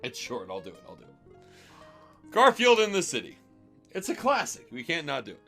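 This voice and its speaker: A man streaming a comedic reading of fanfiction, delivering it with amused deadpan. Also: a little high, normal speed, faint music behind.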